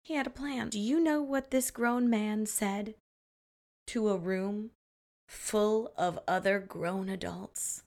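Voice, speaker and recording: A woman's voice: mid-range voice, fairly even intonation, slow, vocal fry, a little mellow. A woman hosting a podcast, telling a story in a playful, casual way, often laughing and dropping into dramatic whispers. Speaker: podcast host.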